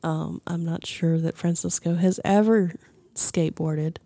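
A woman's voice: on the low side, fairly even intonation, measured pace, mellow, no echo. A young adult woman co-hosting a podcast in casual chat, laughing often and restarting sentences as she talks. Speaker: podcast co-host.

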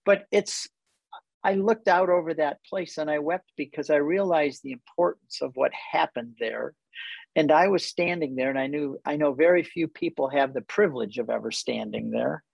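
A man's voice: a little high, normal speed, gravelly, slightly rough, no echo, muffled recording. A man telling a personal story in conversation as a guest who leads tour groups, earnest and reflective and easily moved.

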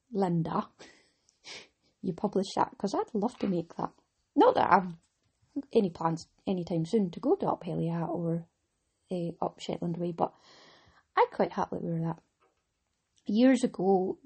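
A woman's voice: lowish voice, warm tone, husky. A middle-aged Scottish woman hosting a knitting podcast, talking in a chatty, rambling way with frequent laughs. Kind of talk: casual chat.

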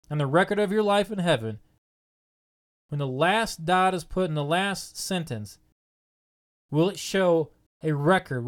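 A man delivers a sermon in a fairly high voice. He presses his listeners with earnest, repeated questions and leans hard on the key points. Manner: earnest, repetitive rhetorical questions. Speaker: preacher.

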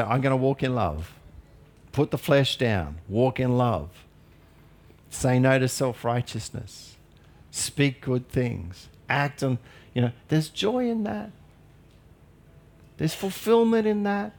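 A man's voice: medium pitch, darkish tone. A male pastor preaching a sermon in an earnest, emphatic way with light humorous asides.

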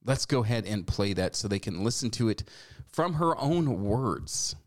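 A man's voice: fairly low pitch, expressive, moderate pace, a little mellow. A man in his forties hosting a talk show, giving sarcastic, scolding commentary. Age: 40s. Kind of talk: opinion commentary.

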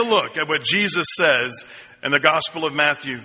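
A man preaching a sermon as pastor, telling a story slowly and building to ringing, repeated lines. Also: a little high, expressive, bright, forceful tone, slightly rough. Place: church sanctuary. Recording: long hall reverb.

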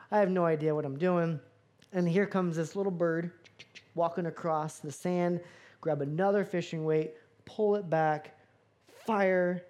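A man from Florida, a pastor, preaching a sermon with animated, self-mocking storytelling. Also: high voice. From Florida, USA.

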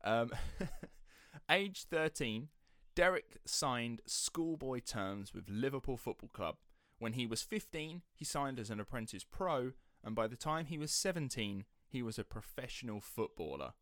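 A man's voice: mid-range voice, big pitch swings, measured pace, a bit bright, no echo. A man hosts a podcast in a loose, sceptical storytelling style. His voice sits in a middle register. The sound is dry and close to the mic. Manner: chatty, sceptical, slips into quoted voices. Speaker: podcast host. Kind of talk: casual storytelling chat.

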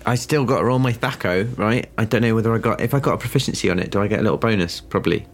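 A man's voice: lowish voice, racing, a little hiss or hum. A man playing a tabletop game, teasing the others in a wry, casual way. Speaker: player.

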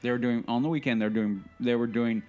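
A man runs the news segment of a casual podcast, halting and restarting and ready to gripe. His voice sits at an ordinary middle pitch for a man. Faint music lingers in the background. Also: steady tone, warm tone. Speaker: podcast co-host reading news. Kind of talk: casual chat.

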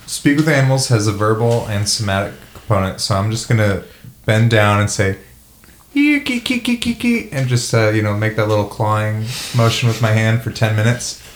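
A man's voice: on the low side, fairly even intonation, a little fast. Casting: chatty, giggly player, man, mid voice, echoey room with faint hiss. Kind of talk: casual play at a tabletop game.

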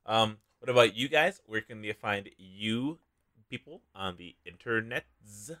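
A man's voice: lowish voice, unhurried, bright, forceful tone. A man hosting a casual podcast, joking around and wrapping up the episode. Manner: joking, self-mocking sign-off. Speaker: podcast host.

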